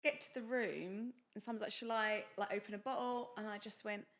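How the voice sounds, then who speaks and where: A young woman co-hosting a podcast chats casually and tells a personal story, animatedly acting out the voices of the people in it. She speaks at medium pitch and normal speed.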